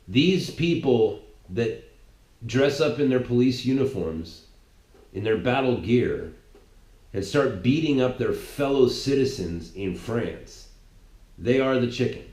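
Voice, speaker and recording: A man's voice: mid-range voice, expressive, takes it slowly, long pauses. Heated rambling man in an echoey room. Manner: heated, rambling, repeats words and restarts. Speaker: political commentator. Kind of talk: ranting monologue.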